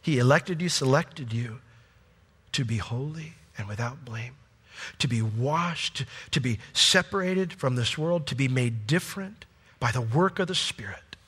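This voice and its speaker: A man preaching a sermon with passion, his voice swinging from loud peaks to hushed, quiet lines. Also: mid-range voice, animated, unhurried, breathy edge. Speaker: pastor. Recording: long hall reverb.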